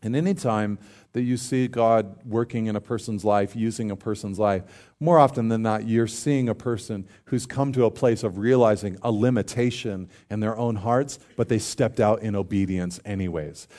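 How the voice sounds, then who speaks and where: A man's voice: lowish voice, normal speed, mellow. A man preaching a sermon as a pastor. He speaks in an earnest, conversational way, tells stories with humor and acted-out dialogue, and builds to emphatic declarations.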